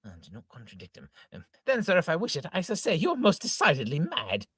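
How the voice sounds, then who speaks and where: A man voicing a hot-tempered old gentleman who sputters oaths and exclaims indignantly, in an amateur reading of an old farce. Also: a little high, wildly swooping pitch, a little fast, breathy edge, no echo, studio quality, heavily acted.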